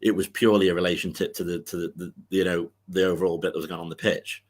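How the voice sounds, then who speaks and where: Low-voiced man telling a rambling story. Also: fairly even intonation, fast. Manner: rambling anecdotal storytelling with many fillers and restarts. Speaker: football podcast co-host. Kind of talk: casual chat.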